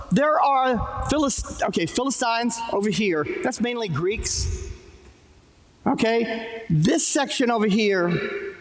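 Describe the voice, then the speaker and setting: A man preaching a sermon in a church, talking in a loose conversational way and joking with the congregation. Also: high-pitched. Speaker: pastor. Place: church sanctuary. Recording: echoey hall, live church stream. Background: church hall reverb.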